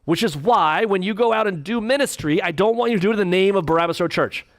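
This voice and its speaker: A man, a pastor, teaching a church class, reading quotes and joking between them in quick put-on voices. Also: sits high, dry recording, clean studio sound. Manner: animated, jokey, acts out quick voices.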